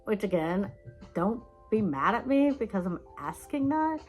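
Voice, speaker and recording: A woman vlogger telling rambling, animated stories in a casual chat, laughing now and then. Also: mid-range voice, a little slow, faint music behind, low-quality recording.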